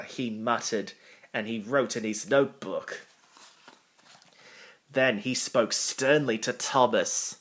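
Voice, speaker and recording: Slow, measured male storyteller. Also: on the low side, steady tone, fairly bright tone, slightly rough. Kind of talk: reading a children's storybook aloud.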